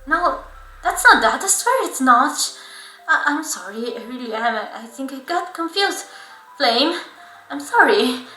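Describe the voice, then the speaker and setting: Brief: woman doing a higher, stammering young woman near tears, apologetic, bright tone, roomy echo with faint music. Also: animated, a little slow, far from the mic, full character voice. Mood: tearful, apologetic. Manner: stammering, emotional. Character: tearful apologetic young woman, old friend.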